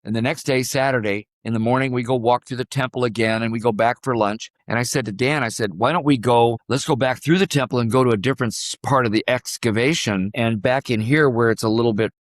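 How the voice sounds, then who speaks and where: An older man from Illinois, a podcast guest telling a story in an unhurried way and acting out the lines of the people in it. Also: medium pitch, no room sound, clean studio sound. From Illinois, USA. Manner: vivid, unhurried storyteller who acts out quoted dialogue. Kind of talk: storytelling in a conversation.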